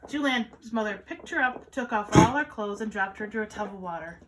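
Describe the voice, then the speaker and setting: A woman, a children's caregiver, reading a picture book aloud to children in an animated, sing-song storytelling manner. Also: medium pitch, a little fast, very noisy.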